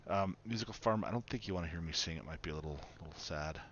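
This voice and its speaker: A man's voice: sits low, fast. A man chatting casually and rambling as he streams a farming game, laughing often. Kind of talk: casual live-stream commentary. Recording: dull lo-fi stream mic with faint noise.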